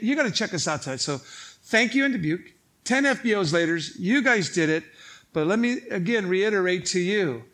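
A pastor with a Chicago accent, telling a funny story in a sermon to his congregation and acting out the voices in the dialogue. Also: sits high. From Illinois. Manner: animated, joking, acts out quoted dialogue. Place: church stage before a congregation.

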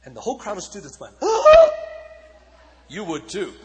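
A man preaching in a storytelling sermon style, swinging between shouted peaks and hushed passages. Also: on the high side, lively intonation, quick pace, long reverb tail, heavy background noise. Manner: dramatic, shifting from shouts to hushed tones. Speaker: evangelist speaker.

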